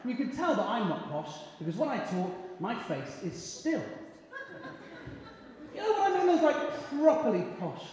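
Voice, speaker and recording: A man's voice: high-pitched, very animated, normal speed. A man in his late twenties from Bristol doing a self-deprecating stand-up set, hesitant and full of ums. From Bristol, England. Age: 20s. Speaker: stand-up comedian. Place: comedy club stage with live audience. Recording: echoey hall with crowd noise.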